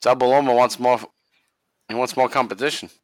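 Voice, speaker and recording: A man's voice: medium pitch, steady tone, a little fast, no echo. Laid-back Boston man, dry close mic. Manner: laughs often, swears casually. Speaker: podcast co-host. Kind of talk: casual chat watching wrestling.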